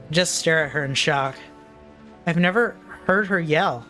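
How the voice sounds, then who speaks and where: A woman's voice: unhurried, fairly bright tone, faint music behind. Woman narrating a visual novel aloud. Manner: plain, low-key narration with asides. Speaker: streamer.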